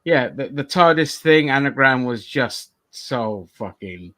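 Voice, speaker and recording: A man's voice: mid-range voice, animated, unhurried, fairly bright tone, no room sound. A man hosting a casual review podcast, rambling loosely and swearing casually. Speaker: podcast host.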